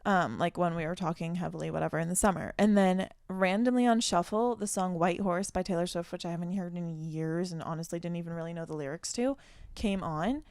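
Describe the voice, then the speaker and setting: A young woman co-hosting a podcast, telling a dating story in an animated, casual way with lots of "like"s. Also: on the low side, a little fast, no echo, clean studio sound. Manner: animated storytelling, many "like"s, reads her texts aloud. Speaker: podcast co-host. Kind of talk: casual chat.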